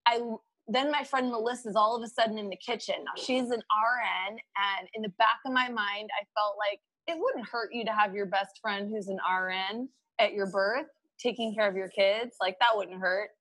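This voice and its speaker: A woman guest telling a story in a casual, animated way, laughing often and quoting her own thoughts aloud. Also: medium pitch, moderate pace, dry recording, poor audio. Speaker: podcast guest.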